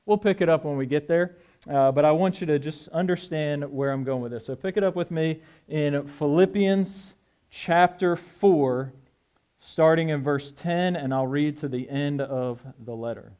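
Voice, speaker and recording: A man preaching a sermon in a relaxed, conversational way, often checking in with the congregation. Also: fairly high pitch, normal speed. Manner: conversational, asks "right?" often. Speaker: pastor.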